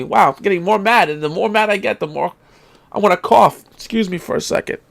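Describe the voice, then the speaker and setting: A man's voice: sits high, a little fast, vocal fry. A man hosting his retro gaming vlog, ranting in exasperation, swearing casually and coughing now and then. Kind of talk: casual vlog rant and show-and-tell.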